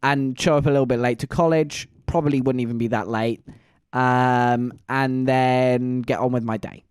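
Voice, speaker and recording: A young man tells a story in a casual, rambling way, full of fillers and asides. His voice sits at a middle pitch, and it is recorded close and dry. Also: fairly even intonation, normal speed, clear, resonant tone, no echo. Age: young adult. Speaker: vlogger.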